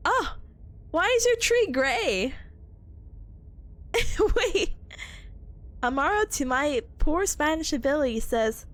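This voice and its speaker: A woman's voice: sits high, very animated, takes it slowly, pauses often, fairly bright tone. A young woman streamer chatting casually with her viewers while sick, giggling often. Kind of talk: casual live-stream chat.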